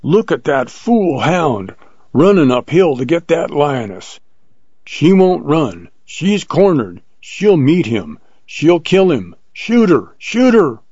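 A man voicing a gruff old plainsman hunter who booms and shouts his commands, on a dull lo-fi recording. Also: slow pace, no echo, heavily acted. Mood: urgent. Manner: booming, excited shouts.

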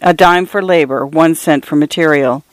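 A woman hosting a radio program, reading short stories aloud in a measured literary style. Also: sits low, no echo. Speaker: radio host and reader. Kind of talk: scripted short story narration.

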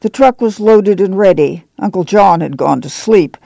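A man's voice: sits high, moderate pace, creaky, dark tone, no echo. A man reading a novel aloud, with drawled folksy dialogue. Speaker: audiobook narrator. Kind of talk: scripted narration with acted dialogue.

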